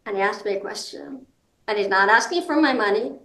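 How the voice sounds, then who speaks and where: A woman speaking as a guest advocate, giving practical advice in an informal, halting way with many ums and restarts. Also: medium pitch, bright, forceful tone. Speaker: guest, hard of hearing and seniors advocate. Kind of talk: explanatory advice talk. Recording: roomy echo.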